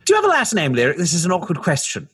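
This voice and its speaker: A man's voice: a little high, huge pitch swings, very fast, fairly bright tone, slightly rough. A man playing a tabletop role-playing game, talking in a playful, joking way. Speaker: player.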